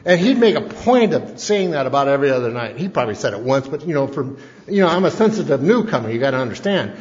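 A man's voice: mid-range voice, very animated, fast talker, a little mellow. A man telling rambling, self-mocking stories as a speaker at a recovery meeting. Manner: rambling, folksy, self-mocking, with frequent restarts. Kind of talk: humorous personal testimony. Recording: dull lo-fi recording in an echoey hall.

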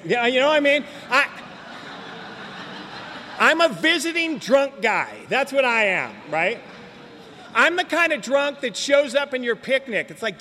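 A man's voice: extremely high pitch, big pitch swings, a little slow, long pauses, pushed and bright, a little hiss or hum. An older man giving a blunt, emphatic personal testimony at a recovery meeting, repeating words for effect. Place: meeting hall. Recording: long reverb of a meeting hall.

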